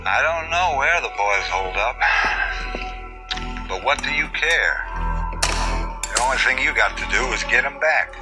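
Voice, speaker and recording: An actor with a Southern accent playing a genteel, folksy Southern lawyer who talks in homespun sayings, over TV score music. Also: male voice, mid-range voice, expressive, unhurried, pauses often, natural voice, rough recording. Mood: smooth persuading.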